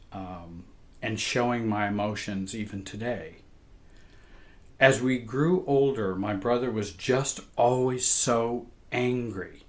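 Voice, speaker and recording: A man reading a personal account aloud in a measured, emotional way. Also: medium pitch. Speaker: therapist and show host.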